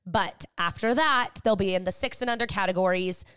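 A woman's voice: medium pitch, a little fast, clean tone. A woman in her thirties co-hosting a casual chat podcast, telling stories with lots of fillers. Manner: chatty, animated storytelling with many fillers. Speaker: podcast co-host.

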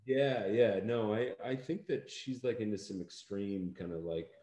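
An American man, an actor, chatting in an interview in a halting, rambling way with lots of fillers and dry humor. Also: fairly low pitch, mellow, reverberant. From United States. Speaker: actor interviewed about a film. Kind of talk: casual interview chat.

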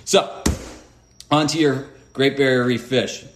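An American man, a fishing deckhand, telling a story in casual podcast talk, animated and swearing, full of fillers and restarts. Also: medium pitch, unhurried, slight background noise. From United States. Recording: echoey room.

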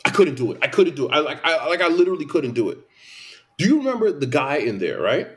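A man's voice: fairly high pitch, fast. A man in casual conversation, venting emphatically with lots of repetition. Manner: animated, repetitive, emphatic complaints. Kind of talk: casual opinion chat.

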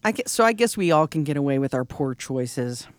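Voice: mid-range voice, lively intonation, a little fast, dry recording, clean studio sound. A podcast host telling a gossip story in casual comedic chat, with sarcastic asides and frequent giggles.

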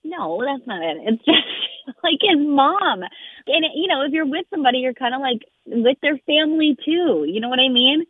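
A woman's voice: sits high, animated, normal speed, no room sound. A woman calling into a radio show, hesitant and rambling as she explains an embarrassing situation. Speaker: caller. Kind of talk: phone-in conversation. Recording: tinny phone line.

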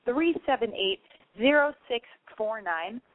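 A woman with a lisp hosting a casual call-in radio show, excitable, profane and self-mocking. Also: fairly high pitch, unhurried, slight background noise. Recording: tinny phone-line sound.

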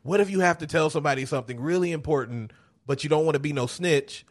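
A man in casual movie commentary chat, animated, often putting on the characters' voices and laughing. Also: a little high, fast talker. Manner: animated, mimics characters in quoted asides, swears, laughs often.

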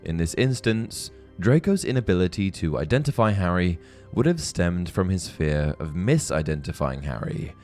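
A man hosting a fan theory video, giving measured, scripted narration. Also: deep voice, sing-song, a little mellow, soft background music. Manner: measured, explanatory. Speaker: host of a fan theory channel. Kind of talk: scripted narration and book reading.

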